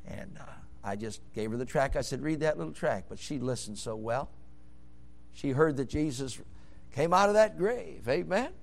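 A man's voice: medium pitch, lively intonation, normal speed, creaky. Fervent hollering preacher man. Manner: fervent, swings from quiet storytelling to loud hollering. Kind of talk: sermon.

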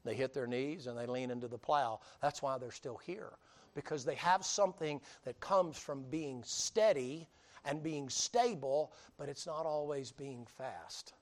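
A pastor with a Southern US accent preaches a sermon in a folksy, joking style packed with homespun sayings. His voice is medium in pitch and a little slow.

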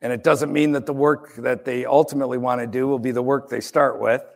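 A man's voice: medium pitch, fairly even intonation, brisk, gravelly. A middle-aged man, a pastor from the United States, preaching a sermon in a conversational, wry storytelling way with asides.

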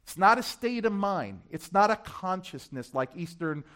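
A man preaching a sermon, dropping to hushed asides and swelling to loud, emphatic climaxes, repeating key phrases and stumbling over words as he builds. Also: high voice, animated, normal speed. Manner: stammers and restarts when building to a point.

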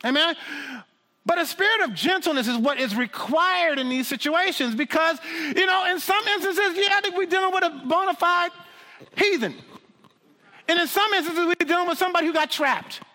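A man preaching a sermon in an animated, humorous way, with frequent restarts and asides. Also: very high-pitched, moderate pace, in a large hall.

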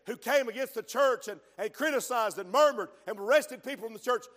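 A man's voice: very high-pitched, a little fast, a bit bright, big-room sound. A man preaching a fervent sermon, punctuating his points with frequent amens.

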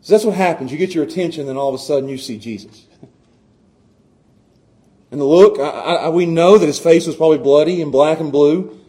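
Male pastor, middle-aged, fairly high voice, hushed to fervent preaching, stammered restarts. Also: a little fast, long pauses. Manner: swings from hushed to loud and impassioned, with repeated stammered restarts. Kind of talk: sermon.

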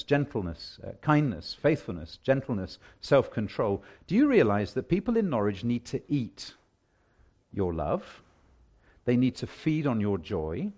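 A male preacher giving a sermon, with emphatic preaching that swings from hushed lines to loud declarations. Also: medium pitch.

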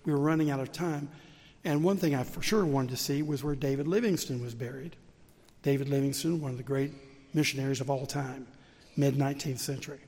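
A man's voice: medium pitch, fairly even intonation, a little fast, darkish tone, slightly rough. Man, older, Southern accent, pastor, sermon, storytelling, emphatic, long church reverb. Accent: Southern American. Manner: storytelling preacher, rising to emphatic peaks. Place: large church sanctuary.

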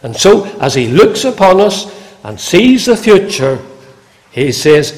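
A man preaching a sermon slowly and deliberately, quoting scripture with rising emphasis. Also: high voice, sing-song. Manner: slow, measured preaching with emphatic quoted scripture. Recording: long hall reverb.

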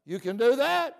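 A man's voice: extremely high pitch, gravelly. A male preacher delivering a folksy sermon, often asking "See?".

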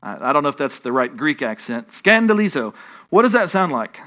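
A man's voice: mid-range voice, sing-song, quick pace, fairly bright tone. A man with a Texan accent preaching a sermon as pastor, rising in emphasis and often restarting his phrases.

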